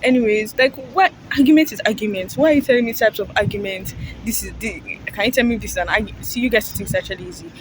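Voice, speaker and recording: A young woman talks fast to her phone camera on a busy street, barely pausing as she rambles, chats, and laughs frequently in a casual vlog. Her voice is mid-range, and the low-quality recording is full of loud traffic noise.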